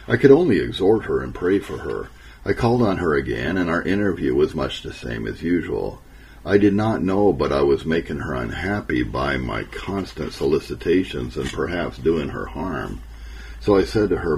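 A man narrating an old memoir in a measured, earnest and solemn way. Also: extremely low pitch, very animated, vocal fry, a little mellow, a little hiss or hum, poor audio.

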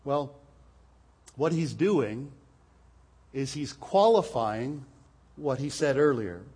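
A man's voice: mid-range voice, lively intonation, slow, darkish tone, slightly rough. A man preaching a sermon from the pulpit in a church, explaining earnestly and asking rhetorical questions into a pulpit microphone. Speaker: pastor. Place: church hall.

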